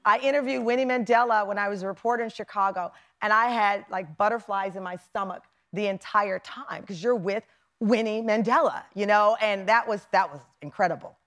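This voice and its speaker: A woman's voice: mid-range voice, fairly quick, fairly bright tone. A middle-aged woman hosting a talk show, chatting in an effusive, emphatic way and laughing often. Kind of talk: casual interview chat. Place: TV studio with live audience.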